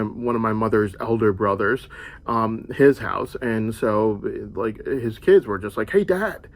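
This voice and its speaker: A man's voice: on the low side, creaky, fairly bright tone. A young man from the United States telling a rambling personal monologue, wandering through his story and filling it with "like.". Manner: meandering storytelling, heavy use of "like".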